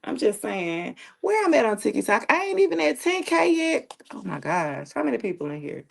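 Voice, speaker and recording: A woman's voice: a little high, sing-song, moderate pace, vocal fry. Joking, laughing woman hosting a live tarot stream. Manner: loose and joking, with slang and profanity, often breaking into laughter. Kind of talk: casual live-stream chat.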